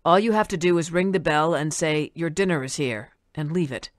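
A woman reading an audiobook, voicing a hoarse male restaurant manager who is in pain and gives urgent instructions. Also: low-pitched, brisk, no room sound, clean studio sound, lightly acted.

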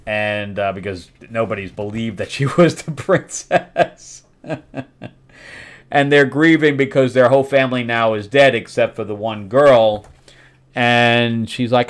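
A middle-aged man hosting a casual comic book review, recapping the plot loosely with fillers and acting out quotes. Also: medium pitch. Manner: rambling recap with fillers and quick acted quotes.

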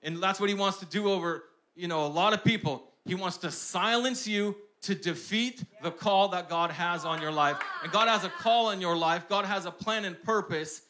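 A young man preaching a sermon, shifting between hushed personal storytelling and loud, emphatic declarations with lots of repetition. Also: sits high, normal speed, few pauses.

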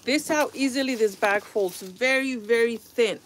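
A woman's voice: a little high, moderate pace, slight background noise. Woman venting on her vlog at home, sighs a lot, rambly, filmed on her phone. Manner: exasperated, rambling, sighs often. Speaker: vlogger. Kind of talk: casual product review vlog.

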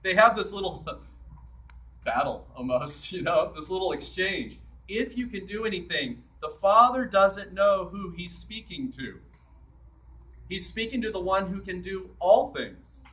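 A man's voice: high-pitched, lively intonation, unhurried, pushed and bright, far from the mic, poor audio. A man preaching a sermon as a priest in a church, in a conversational way that acts out the scripture quotes.

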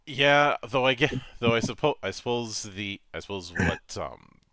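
A man's voice: lowish voice, expressive, normal speed, sharp tone, dry recording, clean studio sound. A man hosting a casual interview, often stumbling and restarting his words. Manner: stammering restarts, repeats words. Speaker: host.

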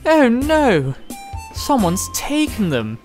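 Fussy prim lady railcar, high and huffy, swooping lively pitch, put on by the reader. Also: slow, soft background music. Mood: plaintive.

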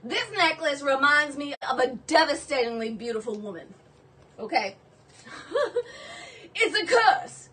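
A woman's voice: sits high, animated, unhurried, pauses often, sharp tone, distant mic, full character voice. A woman doing Blanche, a flirty Southern belle. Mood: vain, flirty. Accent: put-on Southern US.

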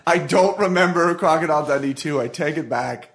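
A man's voice: a little high, fairly quick, a bit bright, faint music behind. A man in an improvised comedy chat, flustered and stammering, getting defensive. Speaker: aspiring actor.

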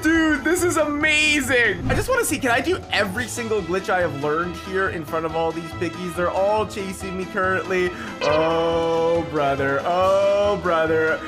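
An excitable man with a high voice narrating his gameplay as a YouTuber. He keeps yelping and shouting with excitement, over game music. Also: moderate pace, few pauses. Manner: excitable, frequent yelps and shouts. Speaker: gaming YouTuber. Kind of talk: live gameplay commentary.

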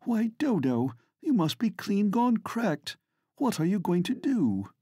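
Audiobook: male reader doing a timid, high-strung Edwardian lady, pitched high, husky dry read. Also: very animated, measured pace, mellow, no room sound, full character voice. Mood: astonished. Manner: fretful, pleading, high-strung. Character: timid, weak Edwardian society lady, anxious. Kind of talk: audiobook character reading.

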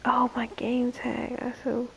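A young woman chatting casually on a late-night livestream, drowsy and slow, her voice low and gravelly tonight. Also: monotone, lo-fi sound, slight background noise.

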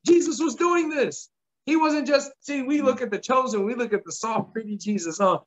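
A man preaching, retelling a story in lively quoted dialogue with emphatic repetition. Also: very high-pitched, moderate pace, muffled recording. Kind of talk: sermon storytelling.

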